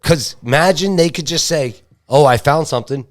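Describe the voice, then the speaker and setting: Male podcast co-host, casual and foul-mouthed, quick storyteller. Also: a little high. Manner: profane, rapid storyteller.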